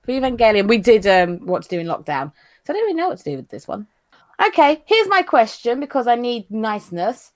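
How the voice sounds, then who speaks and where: A playful British woman chatting as a podcast co-host, her voice sitting a bit high and swooping all over the place. She giggles often and talks in a light, teasing way. The sound is close and dry, with no room to it. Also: big pitch swings, fairly quick, dry recording. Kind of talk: casual chat.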